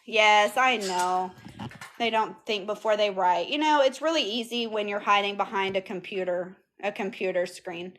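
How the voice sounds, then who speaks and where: A woman's voice: medium pitch, normal speed, fairly bright tone. A woman chatting casually on a phone livestream and answering viewers' comments aloud. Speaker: vlogger answering live chat. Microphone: phone camera.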